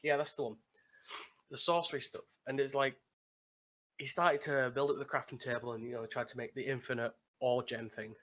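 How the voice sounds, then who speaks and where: A man's voice: medium pitch, steady tone, fairly quick, fairly bright tone. A man co-hosting a casual gaming podcast, telling a long story with restarts and laughs. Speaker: podcast co-host, gamer. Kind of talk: casual chat recapping a game server.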